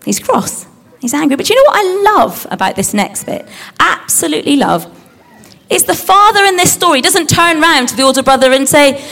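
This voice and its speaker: A woman giving a lively Bible story talk to children, asking them questions and acting out the characters. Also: high voice, normal speed. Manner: animated, acts out the characters, asks the audience questions.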